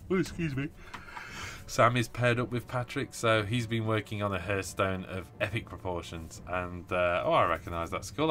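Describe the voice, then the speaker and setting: Low-voiced British man, tired. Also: a bit bright. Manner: enthusiastic, rambling with many fillers. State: tired from little sleep. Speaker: host of a tabletop wargaming live stream. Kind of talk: casual live-stream chat.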